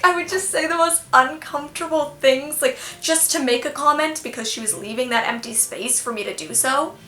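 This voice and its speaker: A young woman vlogger telling a storytime tale in an animated, self-deprecating way, laughing at herself. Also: high voice. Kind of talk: storytime vlog. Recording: echoey room, faint music.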